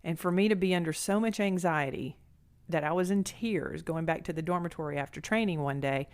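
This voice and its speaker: A middle-aged Southern woman talks straight into her podcast, earnest and candid. Her voice sits on the low side, and she wanders, restarts and circles back as she thinks aloud. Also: a little fast. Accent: Southern American. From Southern United States. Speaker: podcast host. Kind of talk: personal monologue podcast.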